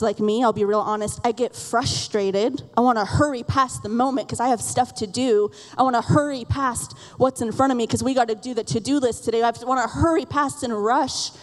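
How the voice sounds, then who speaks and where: A woman in her thirties preaching a sermon from a church stage, telling candid and self-deprecating stories about her children and laughing often. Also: on the high side. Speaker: pastor. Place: church auditorium. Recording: reverberant sanctuary sound.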